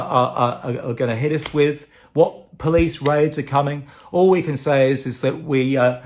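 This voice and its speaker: A man giving an urgent, indignant address on a live video and repeating phrases for emphasis. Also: a little high. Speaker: campaign advocate on livestream.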